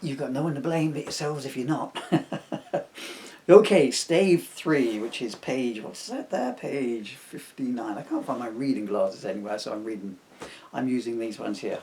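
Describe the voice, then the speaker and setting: A man's voice: mid-range voice, expressive, a little slow, darkish tone. A man reading aloud from his own comic novel, breaking off often for self-mocking asides. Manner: digressive, self-mocking jokes between passages.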